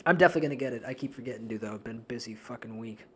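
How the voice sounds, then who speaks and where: A man's voice: mid-range voice, rapid-fire, a bit bright, husky. A young man from New Hampshire, co-hosting a podcast in casual, profane, rambling chat with frequent laughs. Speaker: podcast co-host.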